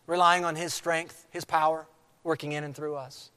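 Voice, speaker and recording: A man's voice: fairly high pitch, level tone, pushed and bright, smooth. Preaching man in a reverberant hall. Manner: emphatic preaching, repeats key phrases slowly. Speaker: pastor. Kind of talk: sermon.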